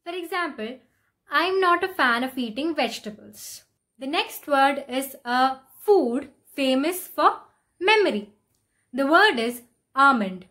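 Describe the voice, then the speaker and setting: A woman with a high, light voice teaches English pronunciation from a script. She says each word slowly and deliberately and leans on the sounds she is correcting. Her delivery stays clear and measured, like a prepared lesson. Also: animated, pushed and bright. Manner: slow, deliberate, stressing each example word.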